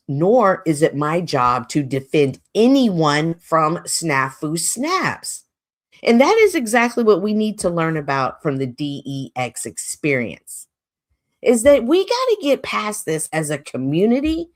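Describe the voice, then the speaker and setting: A woman hosting her own livestream, speaking from a home streaming setup. Her voice sits on the lower side but swings widely in pitch. She is animated and expressive, and laughs often as she talks. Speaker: livestream host. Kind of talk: casual livestream monologue.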